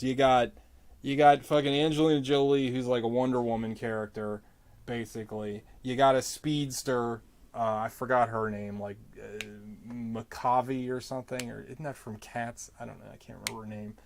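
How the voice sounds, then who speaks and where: A man vlogging while he draws, ranting casually about a movie in a rambling, profane way, his voice jumping up in pitch when he gets exasperated. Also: moderate pace. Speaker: artist vlogger. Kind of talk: casual rant while drawing.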